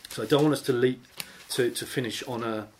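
A man gives an informal teaching sermon to a small group. His delivery is conversational and animated, with a middle-pitched voice. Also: fairly quick, slight background noise. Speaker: Bible study leader.

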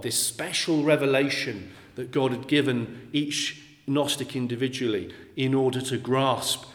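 A male preacher delivers a sermon at a very slow, measured pace. He repeats key phrases for emphasis. The sound carries the long, roomy reverb of a large hall. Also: medium pitch.

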